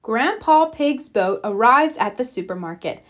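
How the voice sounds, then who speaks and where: A woman reading a children's picture book aloud, slow and expressive. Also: mid-range voice. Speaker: storybook reader. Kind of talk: children's read-aloud narration.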